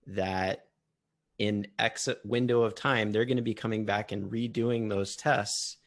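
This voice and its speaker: Guy hosting an interview, kinda low and creaky, rambles thoughtfully into his questions. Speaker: podcast host. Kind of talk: casual interview talk.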